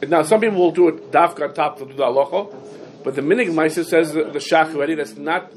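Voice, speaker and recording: Teacher lecturing in a sing-song cadence. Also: male voice, a little high, quick pace. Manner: sing-song learning cadence, stops to field students' questions. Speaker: Talmud teacher giving a class. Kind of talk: yeshiva-style halacha lecture.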